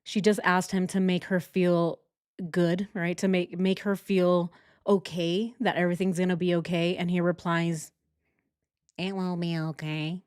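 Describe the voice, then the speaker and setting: A woman's voice: lowish voice, little pitch movement, moderate pace, a little mellow, clean tone, no echo, studio quality. A young adult woman giving sarcastic, exasperated true crime commentary while reading text messages aloud.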